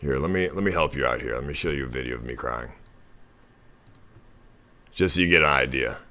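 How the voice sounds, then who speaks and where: A man's voice: extremely low pitch, brisk, bright, forceful tone. A man in his thirties, a streamer, coaxing and persuading someone in casual stream talk.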